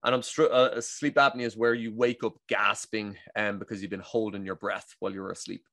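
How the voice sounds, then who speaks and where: An Irish man, a breath coach and guest, telling his story in a casual, animated interview and acting out what others said. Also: fairly low pitch, a little fast, creaky, no echo. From Ireland. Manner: animated, acts out quoted dialogue, frequent restarts.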